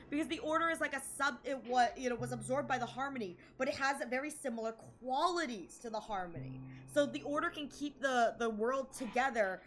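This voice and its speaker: Bubbly high-voiced woman streamer. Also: a bit bright. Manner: bubbly, gushing, quick asides. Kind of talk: excited live gameplay commentary.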